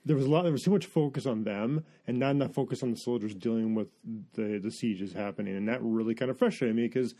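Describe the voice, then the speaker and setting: A man reviews a film in a relaxed podcast chat. His voice is warm and mellow at a middle pitch. He rambles with strong opinions and stops and restarts his sentences. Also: quick pace, hardly any pauses. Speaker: movie review podcast host.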